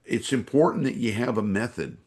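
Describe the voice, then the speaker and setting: Very animated and brisk, a medium-pitched man with a darkish tone tells stories as a podcast interview guest. He is an energy awareness trainer from San Francisco who rambles with many fillers and acts out voices along the way.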